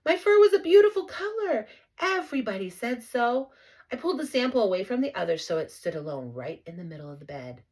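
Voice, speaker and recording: A woman narrating a children's storybook in an expressive, playful first-person voice. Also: fairly high pitch, fairly quick. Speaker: audiobook reader.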